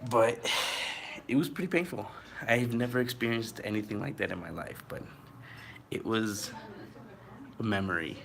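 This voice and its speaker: A man's voice: fairly low pitch, moderate pace, vocal fry, pauses often, slight background noise. A man telling a story to his viewers in a casual, rambling way, full of fillers and a little out of breath. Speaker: vlogger.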